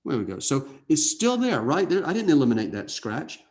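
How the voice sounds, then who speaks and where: A man teaching an airbrush painting lesson in a relaxed way, thinking out loud and often checking in with "okay?". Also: a little high, fairly quick. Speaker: art instructor. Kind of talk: casual painting demonstration.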